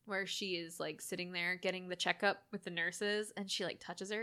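A woman's voice: lowish voice, moderate pace, clean tone. A woman co-hosting a podcast, chatting casually about a horror movie and acting out scenes. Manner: animated, acts out scenes with voices. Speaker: podcast co-host.

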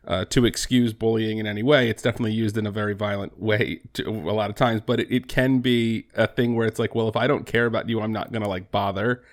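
A man's voice: on the low side, steady tone, fast, hardly any pauses. A man from New Jersey co-hosting a comedy podcast, talking in a wry, rambling, self-deprecating way. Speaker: podcast co-host. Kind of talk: casual comedic chat.

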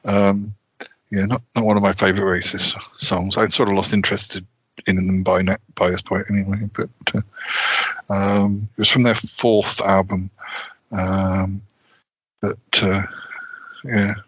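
A man with a low, flat, husky voice muses casually about music and trails off. His tone has a bright edge, and the sound is dry and close. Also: measured pace, dry recording, dull audio. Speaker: podcast co-host.

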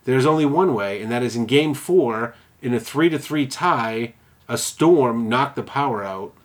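A man's voice: mid-range voice, animated, unhurried. A man co-hosting a podcast, telling a sports story in casual, profane chat and acting out quotes. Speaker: podcast co-host.

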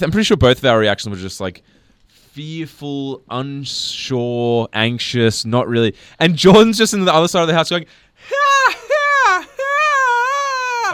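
A man co-hosting a casual podcast, excitable and stumbling over repeated words. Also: mid-range voice, dry recording. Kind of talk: casual banter.

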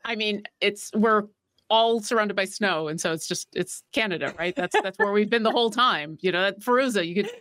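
A woman's voice: mid-range voice, a little fast, a bit bright, no echo. Playful woman player, dry sound. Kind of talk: casual self-introduction.

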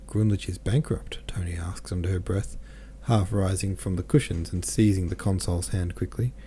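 A man reading a classic novel aloud as an audiobook narrator, in a measured, even storytelling manner. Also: low voice, a little hiss or hum. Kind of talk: scripted literary narration.

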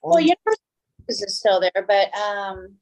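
Woman, middle pitch, chatty, lots of ums. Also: lively intonation, unhurried, a little mellow, slight background noise, low-quality recording. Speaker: podcast guest. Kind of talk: casual chat.

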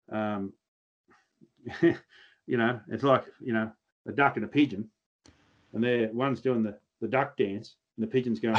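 A man's voice: mid-range voice, dull audio. An Australian man chatting as a podcast guest, telling blunt, earthy stories with mild swearing. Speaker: podcast guest, pig hunter. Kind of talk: casual podcast chat.

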